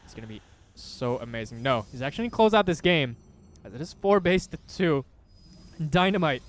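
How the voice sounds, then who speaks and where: A man casting a strategy game replay with animated, chatty, self-deprecating commentary, often thinking out loud. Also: on the high side, a little fast, slight background noise. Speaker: esports caster.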